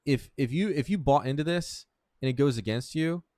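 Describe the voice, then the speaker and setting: A man's voice: medium pitch, moderate pace, darkish tone, no room sound. A young man teaching trading over a screen share, blunt and profane, calling the listener "dude", often restarting sentences. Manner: blunt, profane, keeps saying "dude" and "right?"; restarts and repeats words often. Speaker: trading instructor. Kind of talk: casual screen-share tutorial.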